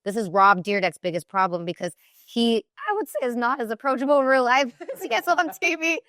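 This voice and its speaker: A woman in her thirties, a TV personality and recording artist, chatting in an interview and telling animated stories full of fillers. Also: on the high side, brisk, dry recording, studio quality. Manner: chatty, animated storytelling with many "like" fillers and laughs. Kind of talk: casual interview chat.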